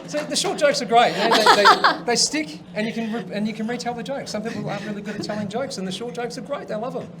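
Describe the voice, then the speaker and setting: A man's voice: extremely high pitch, fast, heavy background noise. A man hosting a comedy show, telling jokes as a chatty storyteller who acts out the voices and laughs at his own punchlines. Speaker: host.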